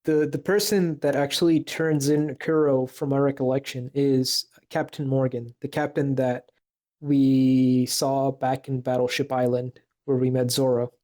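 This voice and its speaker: A man co-hosting a casual podcast chat, his voice warm and mellow. He talks hesitantly, circling back with fillers and restarts as he works through his point. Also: medium pitch, level tone, a little slow. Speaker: podcast co-host.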